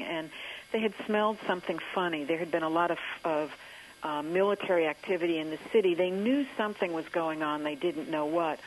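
A woman author in a radio interview, recounting history in a thoughtful storytelling way with frequent pauses and fillers. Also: low-pitched, slight background noise, low-quality recording.

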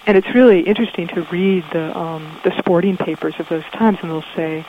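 A woman's voice: on the low side, fairly quick, a little hiss or hum. A woman guest in a radio interview, explaining in a thoughtful way with frequent ums, heard through dull, muffled audio.

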